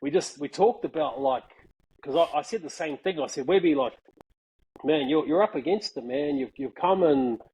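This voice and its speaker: A man tells a story in a loose, slangy way, breaking into laughter often and calling his listener "bro". His voice sits a little high for a man and has a husky edge. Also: normal speed, darkish tone, rough recording. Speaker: guest. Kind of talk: casual storytelling chat.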